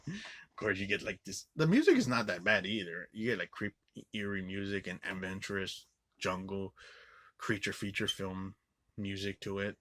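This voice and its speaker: A man giving a casual, rambling movie review, swearing a lot and filling every pause with filler words. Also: low voice, animated, a bit bright. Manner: rambling, profane, filler-heavy with frequent "like".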